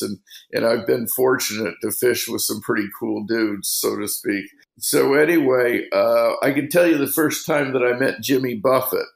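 A middle-aged fishing guide, telling rambling anecdotes in a casual interview and leaning on "you know" constantly. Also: male voice, medium pitch, vocal fry, echoey room, rough recording.

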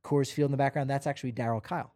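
A man's voice: mid-range voice, very fast, dry recording. A man co-hosting a podcast, chatting casually and rambling with fillers. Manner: relaxed, rambling, many fillers. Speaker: podcast co-host. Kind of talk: casual sports chat.

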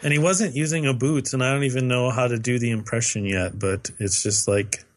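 A man's voice: medium pitch, fairly even intonation, fairly quick. Man, podcast co-host, loose rambling delivery with fillers and restarts. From lives in western Canada. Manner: rambling, many fillers and self-corrections. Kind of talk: casual chat.

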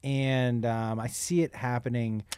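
A man's voice: mid-range voice, flat delivery, measured pace, darkish tone, clear, resonant tone, no echo, studio quality. A man hosting a podcast, asking curious questions in a casual interview and sharing his own views. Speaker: podcast host.

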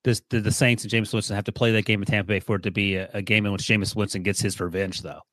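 A man hosting a sports podcast, quizzing his guest in a quick, wry way. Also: lowish voice, little pitch movement, fairly bright tone, dry recording. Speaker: podcast host. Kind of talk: casual podcast sports talk.

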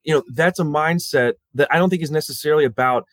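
A man's voice: fairly high pitch, fairly bright tone, dry recording. A man speaking as a guest in a casual conversation, restarting often and acting out quotes. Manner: halting restarts, acts out quotes.

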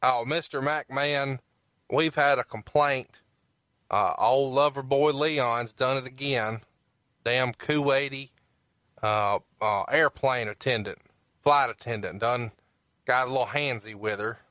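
A man voicing a fawning male wrestling agent who reports trouble to his boss in a slow, servile drawl. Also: medium pitch, pushed and bright, no room sound, clean studio sound.

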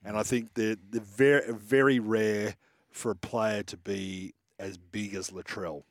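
Enthusiastic co-host. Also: male voice, on the low side, steady tone, a little slow, no echo, clean studio sound. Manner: enthusiastic, admiring. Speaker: podcast co-host. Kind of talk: casual sports chat.

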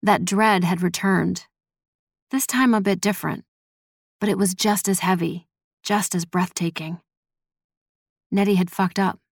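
A woman narrating a dramatic story in a measured, expressive storytelling voice. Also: mid-range voice, vocal fry, dry recording, studio quality. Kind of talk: scripted audio drama narration.

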